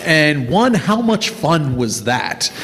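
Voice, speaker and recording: Excited man moderating a fan panel. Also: a little high, slow pace. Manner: excited, many "like" fillers. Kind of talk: fan Q&A questions. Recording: long reverb of a convention hall.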